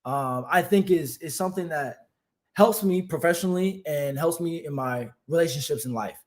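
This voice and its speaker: High-voiced, animated young man, podcast guest. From Atlanta, United States. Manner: animated storyteller, fast bursts, laughs easily. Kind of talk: casual podcast conversation.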